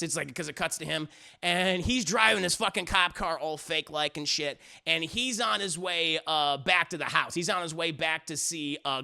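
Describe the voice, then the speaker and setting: High, gravelly-voiced man recapping excitedly. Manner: energetic, acts out characters' lines, shouting at peaks. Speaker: music reviewer. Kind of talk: animated comedic recap with acted voices.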